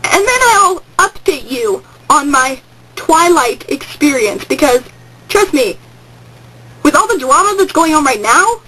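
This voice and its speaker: A woman's voice: high-pitched, very animated, measured pace, pushed and bright, slight background noise, low-quality recording. A teenage girl telling a rambling story on a home webcam vlog, hyper and jumping into sudden squeals. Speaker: vlogger. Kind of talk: casual excited vlog storytelling.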